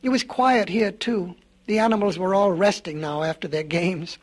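Brief: male storybook narrator, folksy and meandering, high husky voice. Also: moderate pace.

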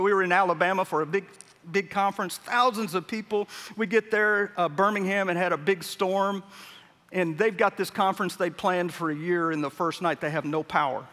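A man's voice: high voice, pushed and bright. A middle-aged man preaching a sermon, telling a story and acting out the voices of the people in it. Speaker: pastor. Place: large church sanctuary. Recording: long hall reverb.

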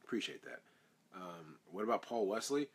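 A man's voice: deep voice, very animated, normal speed, a little hiss or hum. A man, an actor, answering fan questions in a casual live Q&A, reading each question aloud and rambling through his answers.

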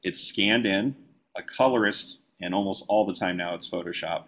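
A man who letters comic books, teaching a live software tutorial and talking easily as he works on screen. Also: low voice, normal speed. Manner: relaxed, talks while working on screen. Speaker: comic book letterer and design educator.

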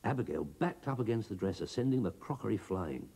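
A man giving a scripted children's storybook narration, expressive and bouncing between character voices. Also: lowish voice, fairly quick, vocal fry, breathy edge.

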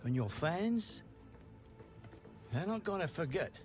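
An actor playing a caring, elderly grandfather who speaks in a gentle, cautioning way, over faint music. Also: a little high, very animated, slow pace. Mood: worried. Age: older. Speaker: grandfather in a game cutscene.

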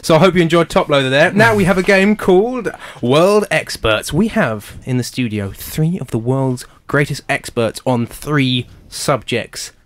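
A young man hosting improv games, brisk and giggly. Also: fairly high pitch, a bit bright. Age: young adult. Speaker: improv show host. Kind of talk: announcing improv games on student radio.

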